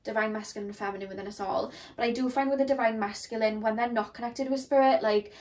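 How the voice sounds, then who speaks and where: A woman's voice: fairly high pitch, steady tone, fast, darkish tone. A young woman giving a casual tarot reading, talking in a rambling, chatty way full of "like" and "um". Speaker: tarot reader.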